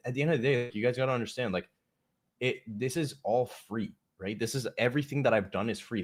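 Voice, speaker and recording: A man with a fairly low voice, talking casually and off the cuff on a livestream. He is blunt and profane, riffing and ranting at his audience. His delivery is loose and conversational. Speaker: livestream host.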